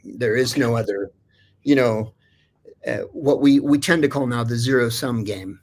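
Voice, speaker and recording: Guest storyteller: man, gravelly and husky, rambling casual chat. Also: medium pitch, moderate pace, a little mellow. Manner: rambling, digressive, many restarts and fillers.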